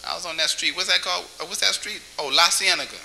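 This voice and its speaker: A man doing stand-up comedy on a club stage, teasing the audience with quick, jokey questions. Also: high voice, creaky, bright, forceful tone, a little hiss or hum, low-quality recording. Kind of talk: stand-up crowd work.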